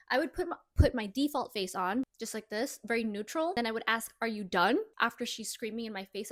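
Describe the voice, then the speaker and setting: A woman's voice: on the high side, dry recording. A woman vlogger in casual reaction commentary, giving chatty, upbeat advice. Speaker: style vlogger. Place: Los Angeles.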